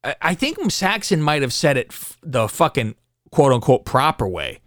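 A man co-hosting a podcast, recapping wrestling in casual, profane, animated chat. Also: medium pitch, moderate pace, dry recording, clean studio sound. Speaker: podcast co-host.

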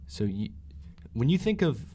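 A man's voice: mid-range voice, big pitch swings, moderate pace, mellow. A man co-hosting a casual podcast, playfully laying out a theory at length. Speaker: podcast co-host. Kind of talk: casual chat.

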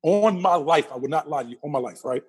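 A man being interviewed, telling a personal story with lively energy and acting out the other people's lines. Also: on the high side, quick pace, husky. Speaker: interview guest.

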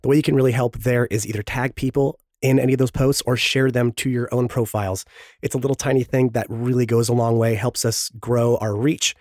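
A podcast host reads the show's sponsor-style promos in a mid-range, steady, brisk and slightly mellow voice. His throat is sore and strained from illness, and he adds self-pitying jokey asides. The studio-quality audio has no room sound.

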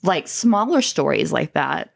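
A woman's voice: low-pitched, big pitch swings, unhurried, creaky, husky. Giggly chatty woman co-host. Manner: giggly storyteller, many "like" fillers. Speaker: podcast co-host. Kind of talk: casual chat.

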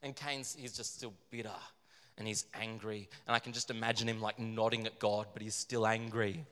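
A man retelling a Bible story in a lively, joking way, laughing at himself as he goes. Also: on the low side, normal speed, smooth. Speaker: speaker. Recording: reverberant hall.

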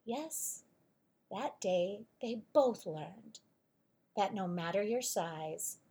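A woman reading a rhyming children's picture book aloud with an expressive, sing-song delivery. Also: medium pitch, drawn-out words, husky. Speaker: storyteller. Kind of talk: children's storybook read-aloud.

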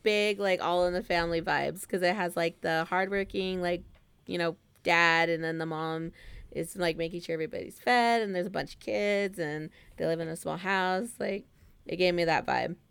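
A woman chatting on a podcast, full of giggles and filler words. Her voice is smooth with a gravelly fry at the ends. The recording is dry and close. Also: lowish voice, moderate pace, fairly bright tone, dry recording. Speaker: podcast co-host. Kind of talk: casual chat.

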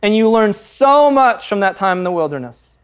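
A man's voice: sits high, very animated, moderate pace, clear, resonant tone. A man in his thirties, a pastor, preaching a sermon through candid, humorous personal stories. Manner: candid, humorous storytelling with frequent laughs.

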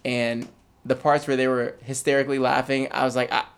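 A man's voice: mid-range voice, little pitch movement, brisk, creaky, smooth. A man co-hosting a casual chat, opinionated and rambling with lots of restarts. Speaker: podcast co-host.

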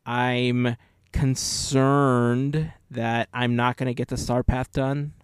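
A man's voice: mid-range voice, flat delivery, slow, clear, resonant tone, no echo, studio quality. A man hosting a podcast, chatting casually and rambling through stories with many restarts. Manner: rambling, self-correcting storyteller. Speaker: podcast host.

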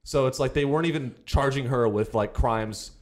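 A man's voice: medium pitch, moderate pace, a little mellow. A man co-hosting a comedy podcast who explains a story loosely, full of "like" and restarts. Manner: explains with many fillers and restarts. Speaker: podcast co-host. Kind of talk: casual comedic chat.

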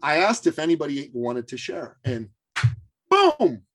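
A man, a coaching guest on a podcast, telling a story casually with animated delivery and frequent restarts. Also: a little high, normal speed, faint music behind.

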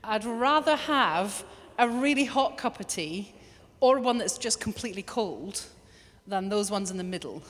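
A woman preaching a lively sermon, now and then acting out little quoted voices. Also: mid-range voice, measured pace. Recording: long hall reverb.

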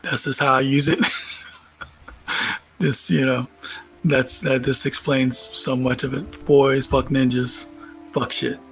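A man from Georgia in the United States being interviewed, relaxed and rambling, laughing at himself. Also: mid-range voice, takes it slowly, long pauses, soft background music, rough recording.

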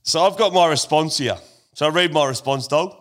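A man's voice: on the high side, brisk. An Australian man in his thirties hosting a podcast, reading an email aloud and ribbing his guest in casual banter. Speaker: podcast host.

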